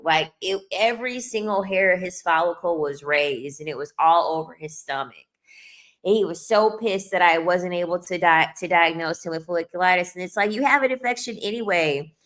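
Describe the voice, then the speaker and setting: A young woman telling a casual storytime rant, animated and exasperated, swearing freely and mocking others in quoted voices. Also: lowish voice. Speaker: vlogger.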